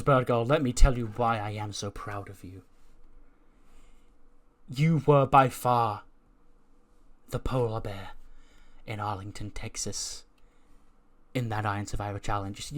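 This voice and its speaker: A man's voice: mid-range voice, lightly acted. A man voicing a vain, self-absorbed female wrestling star who speaks pompously and praises others backhandedly.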